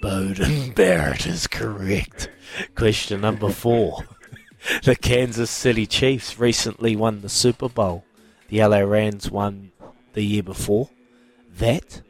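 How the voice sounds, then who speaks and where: A man's voice: lowish voice, measured pace. A man with a New Zealand accent hosting a radio sports quiz, bantering and teasing callers. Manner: cheeky, teasing, laughs often.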